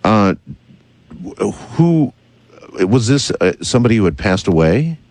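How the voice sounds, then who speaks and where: A man's voice: on the low side, sing-song, unhurried, a little mellow. A man hosting a radio interview, asking wry, skeptical questions with many hesitations. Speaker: radio host.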